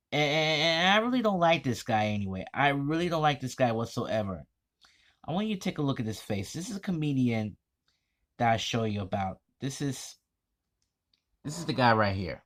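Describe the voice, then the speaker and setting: A man vlogging an indignant commentary, reading text aloud in a halting, stumbling way. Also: mid-range voice, sing-song, a bit bright.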